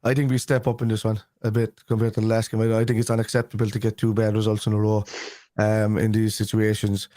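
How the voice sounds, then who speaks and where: A man's voice: fairly low pitch, completely flat delivery, quick pace, dark tone, dry recording, clean studio sound. A man giving his match predictions in casual chat, thinking aloud and repeating "I think" often. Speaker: guest pundit.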